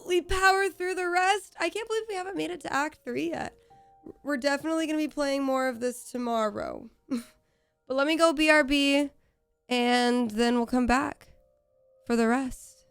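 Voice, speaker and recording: A young woman streaming from home, chatting casually and excitably with her viewers, laughing often and swearing freely. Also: sits high. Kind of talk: casual live-stream chat. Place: home room.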